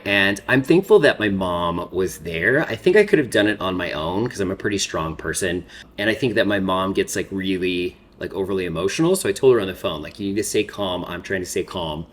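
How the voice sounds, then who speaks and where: Male makeup vlogger in his 30s, slightly low voice, rambling casual chat, fighting tears. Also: fairly bright tone. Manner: rambling, filler-heavy storytelling. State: holding back tears. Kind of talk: casual get-ready-with-me chat.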